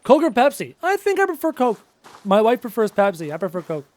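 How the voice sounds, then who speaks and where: Upbeat high-voiced gaming streamer, a man. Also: wildly swooping pitch, fairly quick, darkish tone. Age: around 30. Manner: upbeat, chatty, answers viewer questions. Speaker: gaming livestreamer. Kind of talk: casual live-stream chat while playing.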